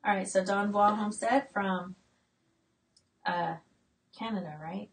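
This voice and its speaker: A woman's voice: mid-range voice, measured pace, recorded from a distance, low-quality recording. A woman in her late forties hosting a casual live-stream chat from her homestead, reading out viewer comments with plenty of fillers and restarts. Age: late 40s. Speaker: homestead channel host.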